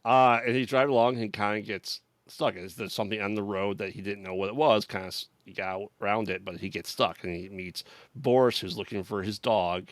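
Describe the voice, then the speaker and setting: A man's voice: fairly low pitch, steady tone, fairly quick, few pauses, no room sound. A man co-hosting a podcast, recapping a movie in casual chat, rambling and laughing often as he paraphrases characters. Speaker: podcast co-host.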